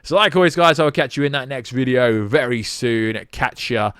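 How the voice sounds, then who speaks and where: A young British man hosting a casual film news vlog, sarcastic and animated, rambling as he debunks a story. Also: medium pitch, moderate pace. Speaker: YouTube film news host.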